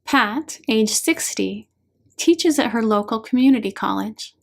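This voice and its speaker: A woman narrating her own audiobook at a slow, unhurried pace. Her voice sits a little higher than most and stays calm and measured throughout. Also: gravelly. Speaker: author reading her own book.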